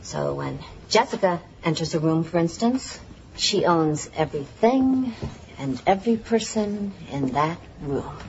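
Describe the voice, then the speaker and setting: A woman's voice: deep voice, animated, moderate pace, vocal fry, few pauses, a little mellow, slight background noise. An actress playing a self-assured female soap-opera star who talks in a theatrical, coaching way. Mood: instructive. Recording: dull TV audio with studio audience laughter.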